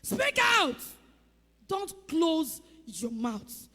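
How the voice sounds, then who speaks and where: A woman's voice: very high voice, big pitch swings, drawn-out words, bright, forceful tone, in a large hall. A woman pastor preaching a sermon with emphatic calls, rhetorical questions to the congregation and acted-out sound effects.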